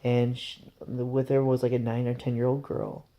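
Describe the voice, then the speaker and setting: A man's voice: mid-range voice, level tone, normal speed, warm tone. A man telling a rambling, conversational story to camera in a casual vlog. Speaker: vlogger.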